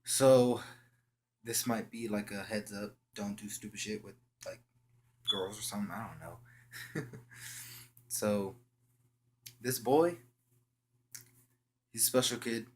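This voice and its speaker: A young man telling a story in a casual, slangy way, halting often and restarting his sentences. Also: fairly low pitch. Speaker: vlogger.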